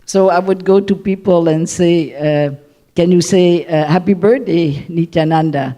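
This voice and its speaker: Hesitant speaker with a mellow voice. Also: mid-range voice, unhurried. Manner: hesitant, laughs often, many "uh" fillers. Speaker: audience member. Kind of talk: casual anecdote.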